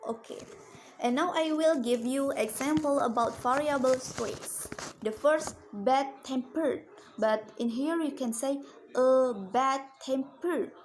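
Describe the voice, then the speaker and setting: Woman with a higher voice reading out a lesson really slowly, says okay a lot, bit of hiss behind. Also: low-quality recording. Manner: slow, careful, with many repeated "okay"s. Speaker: student presenter. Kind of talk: reading a lesson on English word stress.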